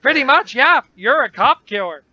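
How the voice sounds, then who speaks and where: Guy game-mastering a tabletop rpg, high voice, casual and descriptive, muffled lo-fi audio. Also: expressive, moderate pace, sharp tone, no echo. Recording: dull lo-fi recording, faint noise.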